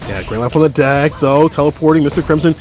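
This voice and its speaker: A man doing live fighting game commentary, excitable and chatty, talking to the stream chat. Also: fairly high pitch, fast, soft background music. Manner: excitable, hype, talks to chat. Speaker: esports commentator.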